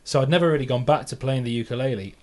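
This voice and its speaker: A man's voice: medium pitch, very fast, a little mellow. A man in his thirties from England, a musician hosting a podcast, chatting casually about his songs, self-mocking and laughing often.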